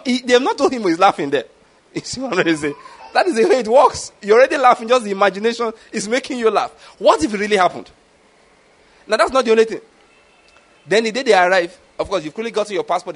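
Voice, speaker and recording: High-voiced man preaching. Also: fast. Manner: animated, keeps asking "do you get my point?". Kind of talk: sermon.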